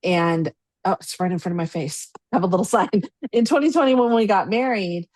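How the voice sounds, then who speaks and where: A woman's voice: mid-range voice, brisk, darkish tone, no echo. A woman hosting a podcast interview, chatting casually and affirming her guest often. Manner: supportive, frequent backchannel agreement. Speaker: podcast host.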